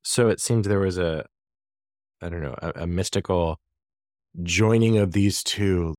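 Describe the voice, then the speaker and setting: A man's voice: deep voice, a little slow, a little mellow, dry recording, studio quality. A man, a podcast guest, chatting in a laid-back, wry way with hesitant restarts. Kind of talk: casual podcast chat.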